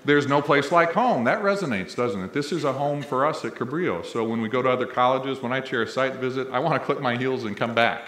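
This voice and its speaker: A middle-aged college president from Missouri gives a humorous, story-filled ceremony speech in a large indoor hall. His medium-pitched, slightly bright voice moves fast with hardly any pauses, and he plays to the audience like a conversational storyteller, with the recording echoing through the hall.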